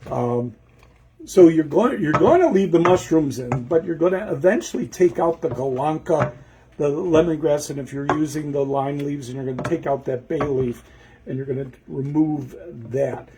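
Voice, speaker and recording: With a slightly high voice at normal speed, a man cooks in his kitchen for a home cooking show, wandering through the recipe as he mutters to himself and keeps losing track of what comes next. The background is noisy.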